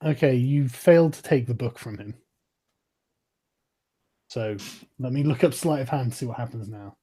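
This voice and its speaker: A man's voice: medium pitch, moderate pace, mellow, husky. A man narrating as game master, often hesitant and laughing.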